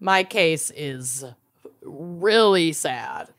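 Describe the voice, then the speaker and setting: Lively, quippy woman podcast host. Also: low voice, very slow. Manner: playful, exclamatory, sarcastic quips. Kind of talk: casual chat with friends.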